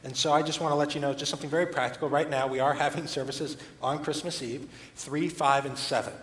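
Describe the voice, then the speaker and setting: A man giving church announcements in a quick, enthusiastic, inviting way. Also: a little high, fairly even intonation, fairly bright tone. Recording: echoey hall from far off with faint noise.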